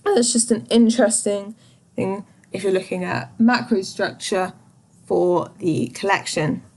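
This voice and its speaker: A woman giving a revision lesson on a poem, thoughtful and pausing often with small fillers. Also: mid-range voice, a little mellow. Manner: slow, thoughtful, pauses often with ums. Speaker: teacher.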